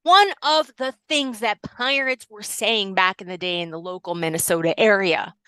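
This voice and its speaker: A woman's voice: mid-range voice, normal speed, sharp tone, smooth, no echo. A woman improvising a rambling self-styled expert on a comedy podcast. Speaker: podcast guest.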